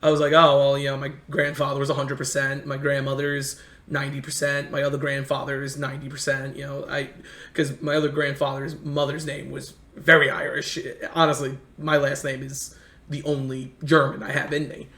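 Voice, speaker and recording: A man's voice: mid-range voice, monotone, brisk, bright, forceful tone. A man from the United States telling rambling, earnest travel stories in a casual chat. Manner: earnest, rambling anecdotes with many restarts. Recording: echoey room.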